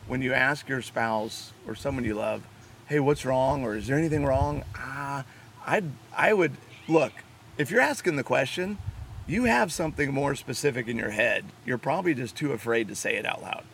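A man's voice: medium pitch, normal speed, creaky, a little hiss or hum. A man co-hosting a casual chat about marriage, acting out quoted lines as he explains. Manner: acts out quoted lines in lively voices. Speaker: co-host of a marriage advice show.

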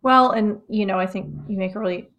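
A woman in casual conversation, agreeable and quick, laughing often. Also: medium pitch, a bit bright.

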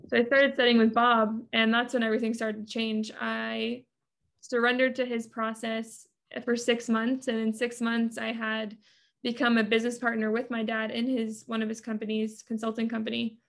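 A woman's voice: on the high side, level tone, moderate pace, creaky, fairly bright tone. A woman guest on a podcast, telling her story in earnest, chatty talk with many fillers. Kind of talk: casual interview talk.

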